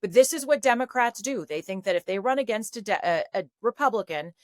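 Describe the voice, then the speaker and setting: A woman guest on a political talk show, giving commentary in an animated, mocking way. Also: medium pitch, fast talker, no room sound, studio quality.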